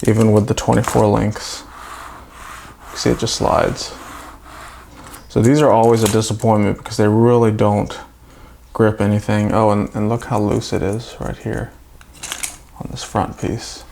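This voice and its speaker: A man's voice: lowish voice, little pitch movement, measured pace, vocal fry, pauses often, a little mellow, slight background noise. A man casually talking through a toy build, chatty with self-mocking asides.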